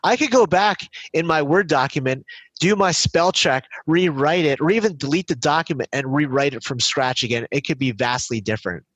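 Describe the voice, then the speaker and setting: Man, interview guest, a bit high voice, dry close sound, reflective, restarts a lot. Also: normal speed, no room sound, low-quality recording. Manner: reflective, hesitant restarts, lively when telling stories. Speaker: business finance coach as podcast guest. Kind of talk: casual interview storytelling.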